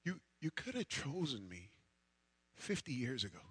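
A man's voice: mid-range voice, big pitch swings, moderate pace, fairly bright tone, slightly rough, no echo. A man voicing an aging man who grumbles in a rambling way about his worn-out body. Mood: complaining. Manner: whiny, rambling complaint.

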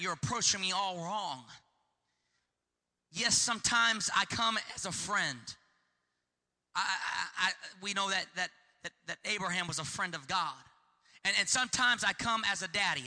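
A man preaching a sermon with passion, repeating himself and acting out shouted pleas. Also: sits high, in a large hall. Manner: impassioned, repetitive, acts out shouted pleas.

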